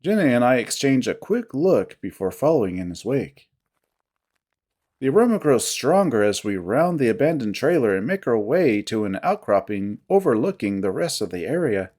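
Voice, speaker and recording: A narrator reads a visual novel in the first person, steady and descriptive. The intonation is lively, rising and falling often. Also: mid-range voice, normal speed.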